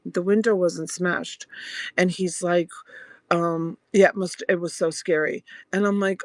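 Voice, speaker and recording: A woman's voice: steady tone, normal speed, no echo. A middle-aged woman selling jewelry on a live stream, chatting casually and telling a personal story between items. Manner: chatty storyteller, voice rising high when quoting.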